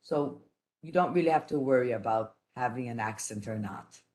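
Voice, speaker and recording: A woman giving a teaching lecture, speaking in a careful, halting way with frequent restarts and pauses. She grew up speaking three languages at once. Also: a bass voice, darkish tone. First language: none, raised trilingual. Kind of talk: online lecture.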